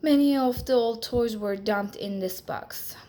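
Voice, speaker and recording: A woman voicing a sad wind-up toy mouse in a storybook, speaking gently and mournfully. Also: on the high side, measured pace, natural voice.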